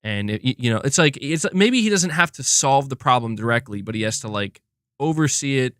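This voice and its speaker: A man's voice: medium pitch, expressive, fairly quick, fairly bright tone, clear, resonant tone, no room sound, clean studio sound. A man hosting a live gaming stream, talking casually and thinking aloud, with lots of restarts and the odd swear.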